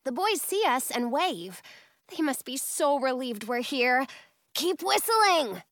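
A woman narrates a first-person children's storybook and brings every character to life. Her voice is high and lively, and she reads slowly. The sound is close and dry. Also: no echo. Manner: expressive, playing every character.

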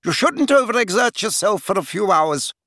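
A man reading an audiobook, voicing a brisk, bossy older female school nurse with a firm, fussing, no-nonsense manner. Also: high-pitched, big pitch swings, sharp tone, no room sound, studio quality, pitched above the performer's own voice, exaggerated voice. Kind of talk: audiobook character voice.

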